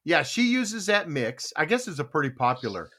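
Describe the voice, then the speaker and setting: A male morning-show co-host chats in a folksy, meandering way. His speech is full of "uh"s and restarts. His pitch rises and falls a lot. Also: very animated, normal speed, bright, forceful tone. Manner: folksy, rambling, many fillers. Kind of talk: casual morning show chat.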